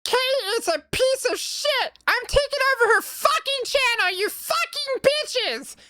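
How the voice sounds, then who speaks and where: A woman voicing a brash, foul-mouthed raccoon villain with a scratchy, strained voice, taunting and loud. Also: very high voice, very animated, measured pace, voice pushed up, exaggerated voice. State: strained throat.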